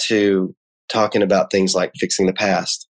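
A man's voice: deep voice, flat delivery, moderate pace. A man speaking as a guest in a casual conversation, hesitant and full of restarts, explaining things like a teacher. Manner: hesitant, many restarts and fillers. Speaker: magician and guest.

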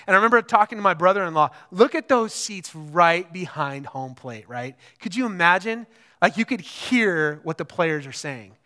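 A man preaching a sermon in a conversational, animated way, often checking in with the listeners. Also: high voice, moderate pace. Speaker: pastor.

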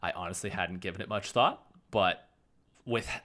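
A man's voice: sits low, normal speed, fairly bright tone. A man co-hosting a casual chat, enthusiastic and chatty, laughing easily. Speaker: podcast co-host.

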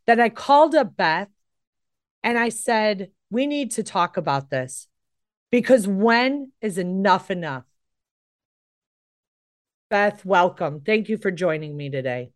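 This middle-aged American host speaks with emphasis and earnestness in a talk show monologue, her passion building as emotion rises. The mid-range voice is animated but slow, with long pauses.

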